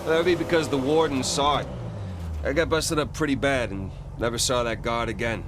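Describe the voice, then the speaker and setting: A man's voice: medium pitch, brisk, natural voice. A man playing a wisecracking ex-con in a game. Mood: storytelling. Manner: wisecracking and loose. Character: male ex-convict, joking talkative older brother. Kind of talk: video game cutscene dialogue. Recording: game audio under loud engine noise. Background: boat engine and outdoor ambience.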